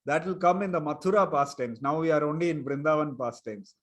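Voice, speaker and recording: High-voiced man telling stories to kids. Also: a little fast. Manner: chuckles often, quizzes the children. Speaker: storyteller teaching children. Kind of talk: storytelling lesson for kids online.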